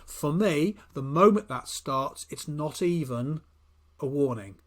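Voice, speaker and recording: A man's voice: a little high, lively intonation, slow pace. A man giving a spoken training lecture on workplace conversations, talking directly and acting out short example dialogues.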